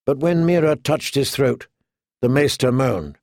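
This audiobook narrator is male and delivers the story at a steady, measured pace. He speaks at medium pitch, and the audio has studio quality without any room sound.

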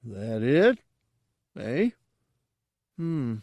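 A man voicing a dim, earnest male Gamorrean guard who snuffles and grunts through halting, broken speech. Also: medium pitch, big pitch swings, darkish tone, dry recording, voice pushed up, exaggerated voice. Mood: puzzled.

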